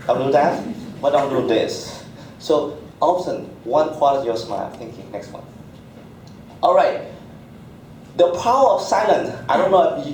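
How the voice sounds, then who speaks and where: A man's voice: on the high side, a little mellow, a little hiss or hum. Man lecturing in an echoey hall. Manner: speaks in short instructive phrases, non-native phrasing. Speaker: physician giving an interview workshop talk. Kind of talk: live workshop lecture. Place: large room at a community college. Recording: echoey hall recorded from far off.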